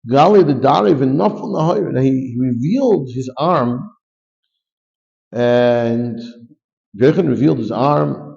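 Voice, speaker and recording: A man's voice: medium pitch, gravelly, darkish tone, dull audio. A man giving a Talmud class, reading Aramaic phrases and explaining them in English with frequent restarts. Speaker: rabbi teaching Talmud.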